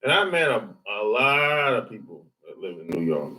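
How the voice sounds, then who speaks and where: A man's voice: medium pitch, expressive, brisk, bright, forceful tone. A man hosting a livestream, chatting casually and loosely, joking, answering viewers and mimicking how other people talk. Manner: loose, joking, talks back to chat, laughs often. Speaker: livestream host reading chat.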